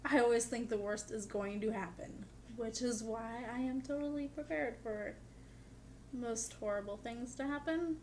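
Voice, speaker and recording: A woman's voice: fairly high pitch, normal speed, darkish tone, slight background noise. A young woman vlogging in a casual, chatty way, with dry humor and lots of "like". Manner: chatty, peppered with "like". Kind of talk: casual chat to camera.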